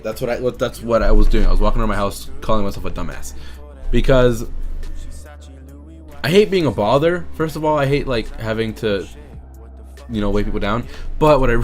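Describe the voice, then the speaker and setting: A man telling a story to camera in a casual vlog, excitable and anxious, swearing often and stammering through restarts. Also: medium pitch, moderate pace, faint music behind. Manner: excitable, swears a lot, loud bursts of disbelief. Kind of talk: casual story-time monologue.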